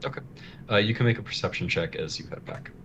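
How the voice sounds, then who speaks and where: A man's voice: deep voice, fast talker, creaky, background noise. A man narrating as game master of a tabletop game, speaking hesitantly with many filler words.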